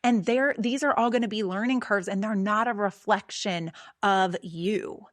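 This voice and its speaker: A middle-aged woman tells a personal story on her podcast, earnest and conversational, leaning on small fillers as she goes. Her voice sits at a medium pitch for a woman. It is recorded dry and close, with no room echo. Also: moderate pace. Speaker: podcast host.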